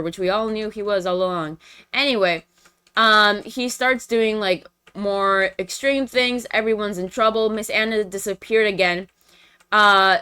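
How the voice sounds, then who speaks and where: A woman's voice: mid-range voice, bright, forceful tone, clear, resonant tone. A young woman streamer casually recapping a movie plot for friends, chatty and full of fillers and slang.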